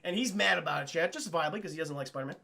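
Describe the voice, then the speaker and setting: A young man with a fairly high, gravelly, husky voice races through a rambling episode recap of a cartoon on his stream, sounding pushed and bright. He swears constantly and keeps talking straight to his chat.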